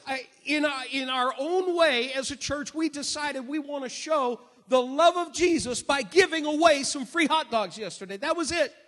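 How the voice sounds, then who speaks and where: A male pastor preaching a sermon in an emphatic way, slowing down and raising his voice on key phrases. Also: very high-pitched, a bit bright. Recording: long reverb of a hall.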